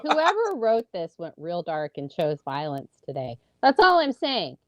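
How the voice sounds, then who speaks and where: A woman's voice: fairly low pitch, wildly swooping pitch, unhurried, no echo. A woman, co-hosting a casual podcast in a chatty way. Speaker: podcast co-host. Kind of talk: casual chat.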